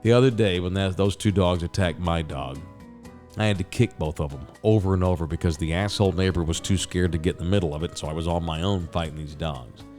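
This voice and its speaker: A man's voice: low-pitched, fairly quick, darkish tone, soft background music. A middle-aged man telling a story as a host, casual, rambling and profane, with sound effects.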